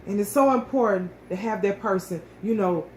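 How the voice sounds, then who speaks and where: Speaking at a moderate pace in a slightly mellow mid-range voice, this co-host shares her own story in an emotional, casual way, often starting over and repeating herself. Faint ambient noise drifts through an echoey space.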